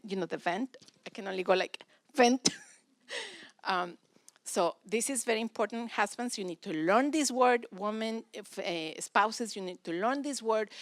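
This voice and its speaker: A woman's voice: mid-range voice, no room sound, studio quality. Russian-born woman teaching parents. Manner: animated storytelling, acts out children's complaints. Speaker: church speaker on parenting. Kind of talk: teaching talk to a congregation.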